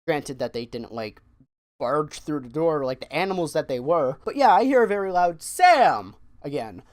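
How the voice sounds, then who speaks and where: A young man telling a story on his vlog, animated and profane, often repeating words as he gets excited. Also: a little high, moderate pace. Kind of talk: casual storytime monologue.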